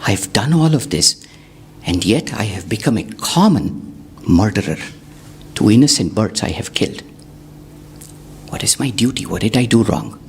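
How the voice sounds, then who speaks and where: A man's voice: on the low side, expressive, moderate pace, vocal fry, pauses often, slight background noise. A man voicing a proud, short-tempered male hermit sage in a spoken story, in an earnest, pleading way. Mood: mortified.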